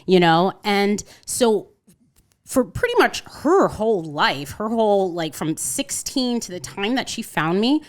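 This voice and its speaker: A woman's voice: medium pitch, very animated, unhurried. A woman in her thirties from Connecticut, a podcast guest telling a personal story in casual conversation and acting out the voices of people in it. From Connecticut, USA. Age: 30s.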